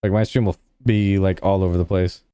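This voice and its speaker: A young man on a livestream, chatting loosely with his viewers and padding his sentences with "like". His voice is smooth and resonant. The sound is close and dry, with no room around it. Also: sits low, fairly even intonation, brisk, warm tone, no echo. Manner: rambling, heavy use of "like" fillers; laid-back, talks to chat. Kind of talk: casual livestream chat with viewers.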